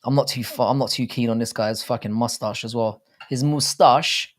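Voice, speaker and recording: A man in his thirties hosts a watchalong stream in a brisk, medium-pitched voice with little pitch movement. He chats with viewers casually, bluntly, and profanely, wandering off on tangents.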